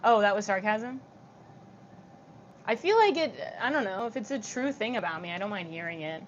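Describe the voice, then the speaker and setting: A young woman livestreaming. She speaks with steady vocal fry, reads comments from her chat aloud and answers them with light, giggly chatter. The audio sounds slightly dull and muffled, with a faint hiss behind her voice. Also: medium pitch, moderate pace.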